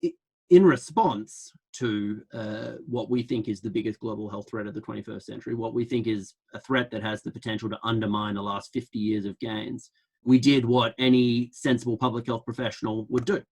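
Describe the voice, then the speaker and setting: Fields: Sex: man. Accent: Australian. Pitch: lowish. Style: joking online lecture. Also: steady tone, brisk, darkish tone, breathy edge. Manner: flippant, joking.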